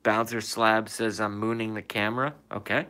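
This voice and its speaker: A man with a somewhat low voice talks on a casual livestream from his room. He reads viewers' comments aloud and answers them. He swears freely and leans on emphatic rhetorical questions. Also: fairly even intonation, moderate pace, bright, forceful tone, clear, resonant tone. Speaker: livestream host reading chat.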